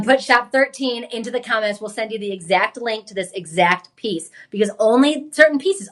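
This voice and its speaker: Chatty, enthusiastic shopping-channel hostess, mid-pitched woman, live sales pitch. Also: bright, forceful tone. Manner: enthusiastic, chatty, exclaims and laughs often.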